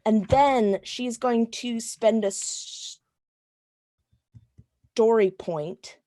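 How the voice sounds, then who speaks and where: A woman's voice: on the high side, mellow. A woman playing a tabletop game, thinking aloud and checking the rules with the game master. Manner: unhurried, thinks aloud, asks to confirm rules. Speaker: player. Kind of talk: tabletop game play, casual chat.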